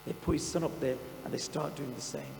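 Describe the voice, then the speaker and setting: A man's voice: medium pitch, steady tone, a little fast, creaky. A man with a British Punjabi accent telling a story as a sermon, impassioned and dramatic, mixing in Punjabi phrases. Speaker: preacher. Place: outdoor camp hall. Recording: echoey hall with mains hum.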